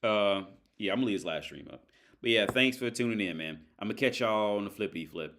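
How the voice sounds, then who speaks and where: A man's voice: lowish voice, animated, fast, fairly bright tone, slight background noise. A man hosting a casual livestream from home, ranting in a rambling, crude way, full of restarts and filler words. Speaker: livestream host. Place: at home by his TV.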